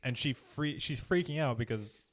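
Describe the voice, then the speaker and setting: A man's voice: medium pitch, lively intonation, moderate pace. A man co-hosting a podcast, telling a story loosely with plenty of fillers and swearing. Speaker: podcast co-host. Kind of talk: casual chat.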